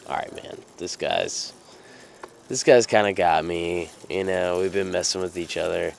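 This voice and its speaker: A man's voice: deep voice, a little slow, creaky, a little hiss or hum. A man imitating an irritated police officer with curt, brusque commands while telling a story. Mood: resigned.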